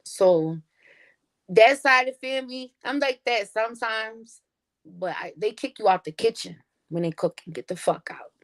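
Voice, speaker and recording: Woman, slightly high voice, animated storyteller, slangy, profane, casual podcast chat. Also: normal speed. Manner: animated storyteller acting out quotes in other voices. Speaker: podcast guest.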